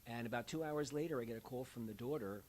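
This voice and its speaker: The voice is mid-range and quick, belonging to an older man who works as an end-of-life doula. He's an animated storyteller, recounting personal experiences conversationally and mimicking the people he quotes, all on poor audio with faint hiss.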